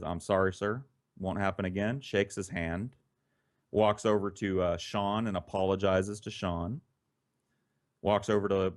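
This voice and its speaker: A man hosting a podcast, telling a story from his childhood in a casual, profane, animated way. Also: sits low. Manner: profane, animated, with laughter in between.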